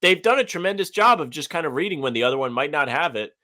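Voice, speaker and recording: A man's voice: on the high side, expressive, quick pace, pushed and bright. A young man co-hosting a podcast, chatting loosely with lots of "like" and restarts. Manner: loose, filler-heavy, lots of "like". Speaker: podcast co-host. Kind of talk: casual chat.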